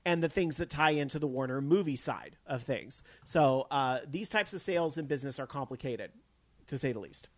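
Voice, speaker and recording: A man's voice: medium pitch, lively intonation, normal speed. A man hosting a gaming news stream, talking casually and rambling with fillers and restarts. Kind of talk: casual chat. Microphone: studio microphone.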